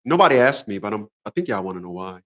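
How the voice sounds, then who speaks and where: Animated mocking man ranting to viewers. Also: lowish voice, quick pace. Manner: mocking, laughs at his own jokes, repeats phrases. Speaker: commentary vlogger. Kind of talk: monologue rant.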